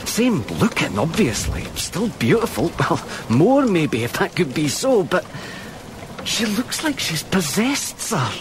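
A nervous young palace guard played by a man in a radio drama, deferential to his officer. His voice sits high and swings about, with clear background noise behind him. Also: very animated, unhurried. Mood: uneasy. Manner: deferential, nervous, keeps saying sir. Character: uneasy young royal guard soldier.

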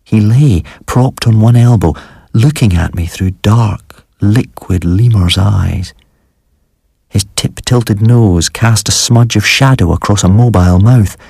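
A man with a deep, husky voice reads a spooky first-person story in a measured, dramatic way. The recording is dry and close, with no room echo. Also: darkish tone. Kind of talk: scripted horror story narration.

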